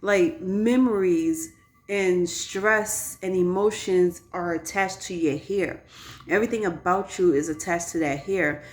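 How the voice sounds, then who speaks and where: A woman's voice: lowish voice, steady tone, measured pace. A woman in her thirties talking casually and candidly to her viewers in a personal vlog, recorded on a phone. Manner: chatty, candid storytelling to viewers. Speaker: vlogger.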